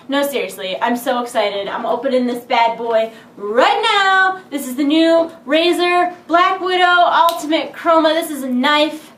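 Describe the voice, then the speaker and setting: Young woman, high voice, excited unboxing chatter, jokey asides, echoey room. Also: a little slow, hardly any pauses, faint music behind. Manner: giddy, jokey, talks to herself while fiddling with the box. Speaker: unboxing vlogger. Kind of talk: excited casual unboxing talk. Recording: echoey room, faint background hiss.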